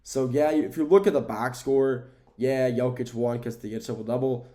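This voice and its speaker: Hosting a sports podcast alone, this young man from the US talks casually at a moderate pace and medium pitch, rambling, repeating himself and using a lot of fillers. He's sleepy and keeps yawning, yet grows excited whenever the conversation turns to the games.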